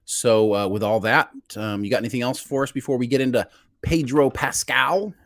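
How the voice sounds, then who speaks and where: A man hosting a podcast in casual chat, animated and teasing as he steers the talk. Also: mid-range voice, normal speed, dry recording, studio quality. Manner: animated and teasing, leading the show. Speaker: podcast host.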